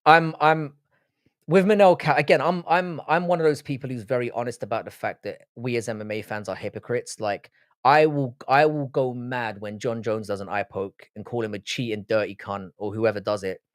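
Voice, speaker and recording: A livestream host with an English accent, raised in Britain with Irish roots and from Ireland, reads viewer comments aloud and answers them bluntly, swearing freely in a casual stream. His mid-range voice keeps a fairly even intonation at a moderate pace, recorded in studio quality with no echo.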